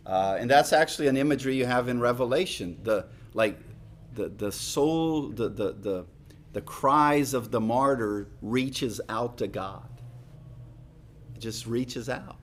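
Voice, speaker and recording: A middle-aged man preaches in an unhurried, deliberate way, with a voice of ordinary middle pitch. He talks to the congregation conversationally and repeats his points for weight, often sinking into soft asides. A faint hiss sits under the recording. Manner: conversational, emphatic repetitions, drops to quiet asides. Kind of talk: sermon. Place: church hall.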